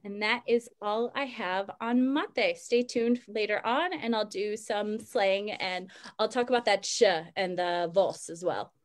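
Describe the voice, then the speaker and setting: A woman's voice: medium pitch, a little slow. A woman presenting a culture segment, explaining customs and Spanish words in an upbeat, teacherly way with small slips and fillers.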